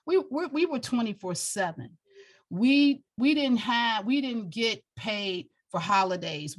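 A middle-aged woman, a military veteran and guest, speaking with passion and emotion, tearful, often repeating herself. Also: mid-range voice. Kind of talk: heartfelt interview talk.

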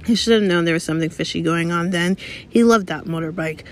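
A woman voicing a huge, gruff male gamekeeper in an audiobook reading, with a rough, growling way of talking. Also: fairly low pitch, fast, lightly acted. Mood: aggrieved.

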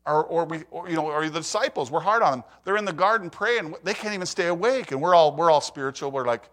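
A man's voice: fairly high pitch, fast, hardly any pauses, fairly bright tone. An older man preaching a sermon, telling stories in a conversational way, asking the audience questions and acting out what others say. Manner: storytelling, acts out quoted voices.

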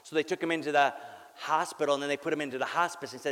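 An earnest male pastor preaching a sermon in a slightly high voice. He talks candidly, repeats words and slips in wry jokes. His voice rings with the long reverb of a big hall. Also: fairly even intonation, racing, fairly bright tone. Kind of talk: sermon with personal story.

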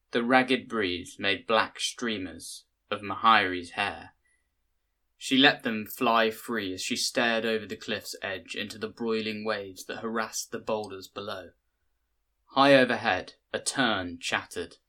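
A man with a lowish voice and a bright, forceful tone reads a literary short story. His delivery is measured and careful, in a polished scripted storytelling style. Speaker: podcast reader.

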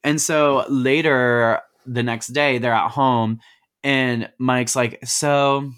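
A man's voice: medium pitch, steady tone, takes it slowly, fairly bright tone, clean tone. Casual, profane man recapping a movie. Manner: slangy, profane, retells scenes in quoted voices. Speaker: podcast co-host.

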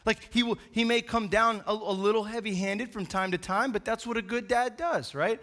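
A man preaching a casual, animated sermon, talking like a dad chatting with friends, with lots of "man" and "right?". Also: high-pitched, normal speed. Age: adult father of young boys.

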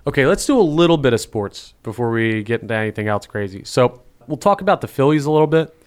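A man's voice: mid-range voice, big pitch swings, quick pace, smooth. A man from North Carolina with a slight Southern accent, hosting a casual sports podcast and steering the talk. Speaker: podcast host. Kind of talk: casual chat.

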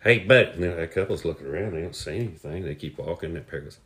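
A man telling jokes in a folksy, drawn-out way. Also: deep voice, darkish tone. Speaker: storyteller. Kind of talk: casual joke telling.

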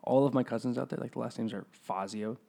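Gravelly young guy from minnesota, podcast cohost, tells stories and does voices. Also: medium pitch, quick pace, slight background noise. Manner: animated storyteller, mimics people. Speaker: podcast co-host. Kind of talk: casual chat.

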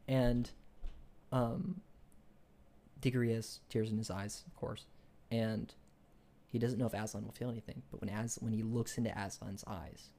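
A man's voice: on the low side, level tone, normal speed, warm tone. Young man rambling through a story. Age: young adult. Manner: rambling retelling with many restarts and fillers. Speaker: podcast co-host. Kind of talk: casual book discussion.

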